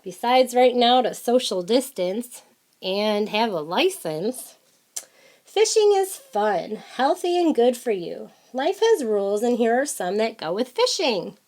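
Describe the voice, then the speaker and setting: Slow, lively woman reading aloud. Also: fairly high pitch. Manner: chatty, adds playful comments between lines of text. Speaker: reader of a children's fishing book. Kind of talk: reading a picture book aloud with asides.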